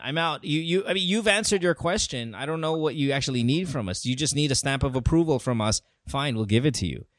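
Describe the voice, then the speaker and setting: A man's voice: fairly high pitch, a bit bright, dry recording, clean studio sound. A man hosting a casual advice chat, blunt and profane, joking as he talks. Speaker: podcast host.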